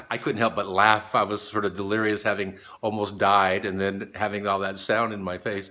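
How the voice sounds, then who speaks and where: A middle-aged man vlogging, telling a story in an animated way and acting out the people in it. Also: fairly low pitch, moderate pace, hardly any pauses. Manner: animated storyteller, voices the people in his story, laughs often. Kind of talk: motivational storytelling vlog.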